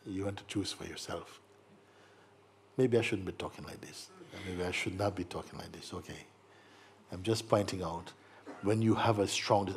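A man giving a gentle spiritual talk to an audience, playful and teasing, acting out little voices and laughing as he speaks. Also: low-pitched, normal speed, vocal fry, pauses often, slight background noise. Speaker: spiritual teacher.

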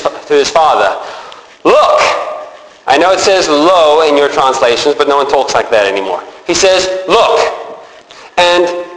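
Man, pastor, high voice, very lively pitch, echoey church hall, long reverb. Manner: animated, acts out biblical characters with changing voice. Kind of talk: sermon. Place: church sanctuary.

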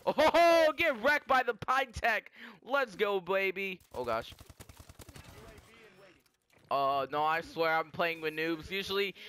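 A young man giving rambling, excitable live commentary over his gameplay, often stopping to correct himself. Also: sits high, slight background noise. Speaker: gaming commentator.

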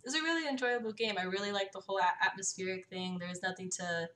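A woman's voice: mid-range voice, fast. A woman playing a story game, reading its text aloud and adding casual, hesitant comments with fillers. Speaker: let's play gamer. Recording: distant mic under loud game music.

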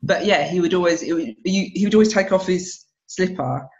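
A woman comedian chatting on a podcast, telling stories in a lively way and laughing easily between lines. The recording is dull and lo-fi. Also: fairly low pitch, brisk. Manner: animated storyteller, laughs often. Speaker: stand-up comedian guest. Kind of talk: casual podcast conversation.

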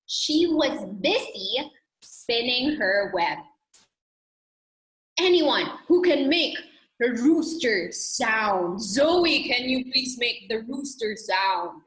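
High, lively teacher reading aloud. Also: female voice, slow pace. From Philippines. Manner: animated, playful, coaxing. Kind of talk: storybook read-aloud for young children. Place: home room, online class. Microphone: video call. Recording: roomy video call audio.

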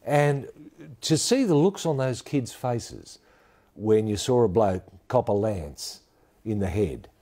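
A man with an Australian accent, co-hosting a deadpan mock sports commentary, rambling with many fillers. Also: on the low side, slow. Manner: rambling, hesitant, lots of fillers. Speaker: comedy co-host.

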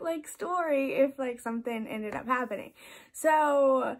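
A young adult woman vlogger with a high-pitched voice chats casually at normal speed while telling a story. She laughs often and says "like" a lot.

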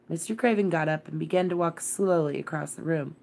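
Woman storyteller, deep voice, calm measured bedtime narration. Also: gravelly. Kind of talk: bedtime read-aloud of a classic novel.

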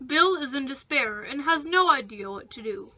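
A young woman narrating a toy role-play video in a mock-documentary deadpan. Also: high-pitched, moderate pace, loud music behind the voice.

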